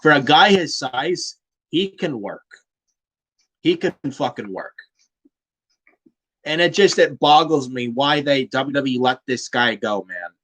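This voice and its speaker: A man's voice: medium pitch, lively intonation, unhurried, long pauses, fairly bright tone. A man hosting a casual wrestling review, blunt and fond of swearing, with "man" tacked onto many lines. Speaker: podcast host.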